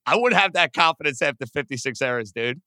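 Excitable, bright-voiced male sports podcaster. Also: a little high, no room sound. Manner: excitable, talks fast with lots of "like". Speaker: podcast co-host. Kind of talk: casual sports chat.

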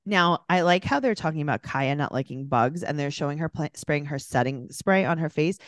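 Woman podcast co-host, low and very lively, joking recap, dry close mic. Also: brisk, no echo. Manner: animated, joking recaps with quoted voices. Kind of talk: casual chat.

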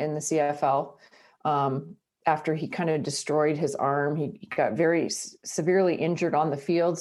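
A Canadian woman, a sports reporter, chatting in a casual interview, telling lively stories and laughing often. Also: on the low side.

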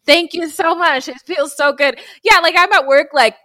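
A woman co-hosting a casual true-crime podcast, animated and profane, and she often laughs mid-sentence. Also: high-pitched, normal speed, no echo, clean studio sound. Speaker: podcast co-host.

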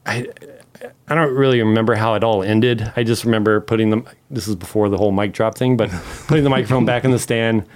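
A man from Memphis telling a long story as a podcast guest, animated, acting out the quotes and swearing freely. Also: fairly low pitch, fast talker. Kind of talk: casual storytelling.

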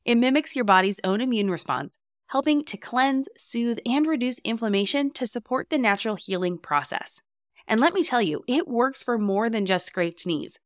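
A woman's voice: fairly high pitch, animated, moderate pace, dry recording. Brief woman host, friendly upbeat ad read, dry close mic. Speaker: podcast host.

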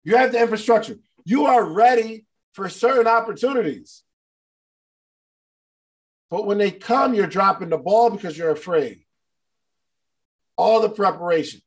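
High-voiced animated motivational speaker. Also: male voice, moderate pace, pauses often. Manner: animated, playful, acts out scenes. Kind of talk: casual motivational talk to a live online audience.

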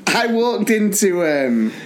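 A man co-hosting a podcast, telling school stories in an animated, laughing way. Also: sits high. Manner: animated, laughing, quick bursts. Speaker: podcast co-host, school teacher. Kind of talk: casual storytelling chat.

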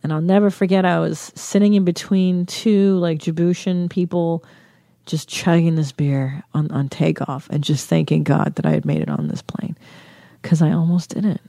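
A woman's voice: deep voice, moderate pace, vocal fry, dry recording, studio quality. Swearing comedian woman. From United States. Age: young adult. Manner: swearing, animated, self-mocking. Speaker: comedian and podcast host. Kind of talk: comic storytelling.

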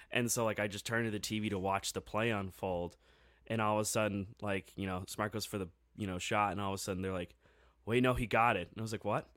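A man co-hosting a sports podcast, telling a game story in a casual, excitable way with lots of fillers. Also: fairly low pitch, fast, no room sound, studio quality.

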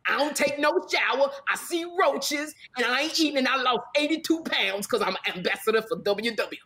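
A woman putting on a loud, sassy talk-show diva in a podcast sketch. Her slangy voice sits high and leaps up and down with each boast. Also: animated, a little fast, slightly rough, full character voice. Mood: brassy. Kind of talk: comic impression in a podcast sketch.

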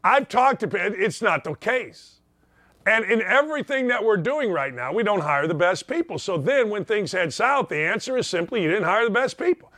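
Older man, sports talk host, ranting monologue, high voice, dry studio sound. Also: lively intonation, normal speed, bright, forceful tone, no room sound. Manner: ranting, emphatic, repetitive.

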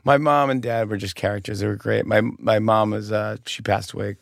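Male guest comedian, gravelly mid voice, animated storyteller, dry close sound. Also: on the low side, brisk, no room sound. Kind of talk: comic storytelling in casual chat.

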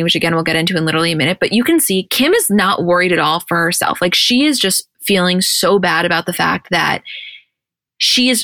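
A woman's voice: fairly low pitch, no room sound, studio quality. A woman co-hosting a podcast, recapping a reality show in casual chat and acting out the quotes. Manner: animated, acts out quotes from the show. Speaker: podcast co-host.

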